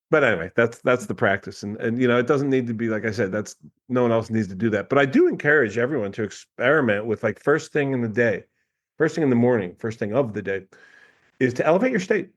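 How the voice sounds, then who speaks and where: Animated, laughing male coach. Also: medium pitch, fairly quick, muffled recording. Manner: animated storyteller, laughs often, mimics people. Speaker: guest coach. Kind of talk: casual podcast conversation.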